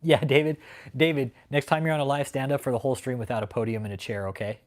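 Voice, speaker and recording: A man's voice: medium pitch, fast. A man hosting a livestream, ranting in a mocking, profane way, often breaking into laughter and rambling. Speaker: livestream host. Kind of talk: casual profane livestream rant.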